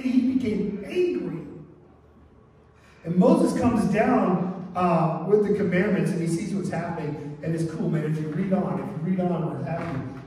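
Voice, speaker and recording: High-voiced pastor preaching in an echoey hall. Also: male voice, dark tone, a little hiss or hum. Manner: conversational, frequent "right?" asides. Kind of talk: sermon. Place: church sanctuary. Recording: echoey church hall from far off.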